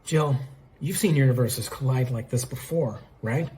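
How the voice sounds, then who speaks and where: A man's voice: medium pitch, normal speed, warm tone, slight background noise, natural voice. A man voicing a cool, laid-back male agent in a slightly raised voice.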